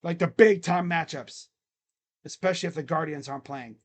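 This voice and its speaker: Rambling live game-reaction streamer. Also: mid-range voice. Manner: rambling, joking, talks to himself between plays; drawn-out play calls during game action. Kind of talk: casual live play-by-play reaction.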